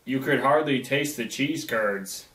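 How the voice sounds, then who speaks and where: A man's voice: medium pitch, unhurried, fairly bright tone, slight background noise. A young man co-hosting a snack review, reading trivia aloud and joking around. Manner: playful, joking. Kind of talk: casual chat reading trivia. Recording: echoey room, mic at a distance.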